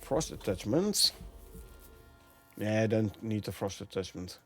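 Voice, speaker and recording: A man's voice: lowish voice, lively intonation, a little slow, faint music behind. A man from the Netherlands with a Dutch accent, streaming a game and chatting with viewers, thinking aloud and laughing often. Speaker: gameplay streamer. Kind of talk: casual live-stream commentary.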